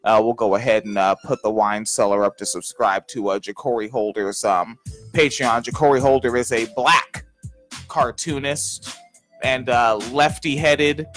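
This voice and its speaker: A man's voice: medium pitch, steady tone, normal speed, a bit bright, soft background music. Loose, joking man co-hosting a podcast. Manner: loose, profane, joking, many fillers. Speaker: podcast co-host. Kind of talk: casual chat.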